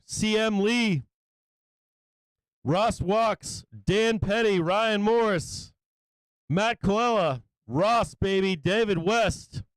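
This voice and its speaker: An excitable man hosts a live stream, calling out viewers one by one with loose, profane enthusiasm and a catch of emotion in his voice. His voice sits high and comes through smooth and clear. The sound is dry and close, with no room around it. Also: no room sound. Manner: excited, swearing, greeting viewers by name. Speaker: livestream host. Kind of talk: casual live-stream shout-outs.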